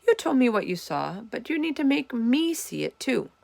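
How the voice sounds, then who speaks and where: A woman's voice: fairly high pitch, sing-song, normal speed, gravelly, a little mellow, no echo, voice pushed up, heavily acted. A woman voicing an eager, encouraging schoolgirl.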